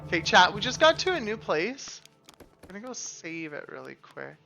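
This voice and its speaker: A woman's voice: mid-range voice, sing-song, moderate pace, creaky, over music. A woman streaming a video game live, chatting casually with her viewers, reacting aloud and reading on-screen text, and swearing freely.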